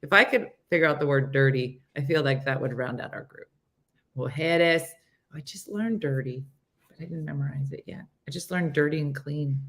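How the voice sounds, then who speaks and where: A woman's voice: low voice, normal speed, a bit bright. A middle-aged woman hosting a casual morning show, playful and laughing as she stumbles over foreign words. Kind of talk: casual live-stream chat.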